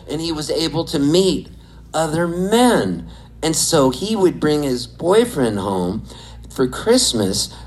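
A man in his sixties from Southern California, telling animated, laughing, profane stories from his childhood in a casual way. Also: a little high, slight background noise, poor audio. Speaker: storyteller. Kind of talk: casual storytelling.

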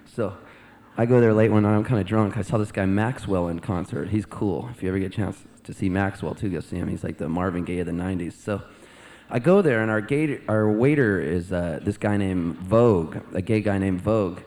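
A man's voice: deep voice, a little fast, darkish tone. A male singer-songwriter on stage, telling a rambling, amused story between songs into a vocal mic.

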